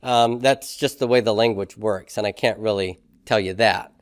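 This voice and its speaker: A man's voice: lowish voice, steady tone, moderate pace, no room sound. Man lecturing on grammar, dry sound. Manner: explanatory, checks in with "okay?" and "right?". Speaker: Hebrew grammar teacher. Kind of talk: classroom lecture. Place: classroom.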